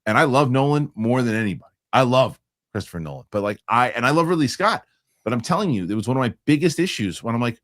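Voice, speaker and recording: A man's voice: medium pitch, lively intonation, fast, a bit bright. A man hosting a casual film chat show, talking emphatically and repeating himself as he makes a point. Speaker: host. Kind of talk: casual panel chat about films.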